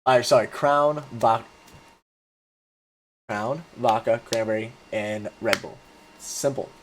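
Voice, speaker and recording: Young guy in his 20s rambling thru a story, lots of "like", swears a bunch, mid pitch. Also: takes it slowly, slight background noise. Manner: rambling, fillers like "like", profane. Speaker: vlogger. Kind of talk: casual storytelling.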